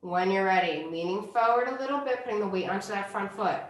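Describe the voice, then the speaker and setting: Calm woman guiding a yoga class. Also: medium pitch, echoey room. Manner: calm, unhurried cueing of poses and breaths. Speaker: yoga instructor. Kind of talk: guided yoga class instruction.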